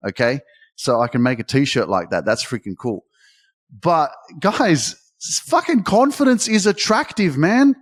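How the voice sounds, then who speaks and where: A man giving a motivational talk, swearing freely and climbing in pitch when he gets emphatic. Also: animated, a little slow. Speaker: motivational speaker. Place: Dubai.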